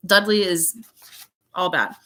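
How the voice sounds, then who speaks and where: A woman's voice: on the low side, pushed and bright. A woman teacher reading a story aloud to her class over a video call, stopping often to chat and explain. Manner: chatty, pausing to comment and explain.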